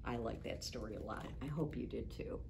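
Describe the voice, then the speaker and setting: Low-voiced woman doing children's storytime. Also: a little fast, vocal fry, noisy background. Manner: gentle asides to young listeners. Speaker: children's librarian. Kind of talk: virtual storytime read-aloud. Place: public library.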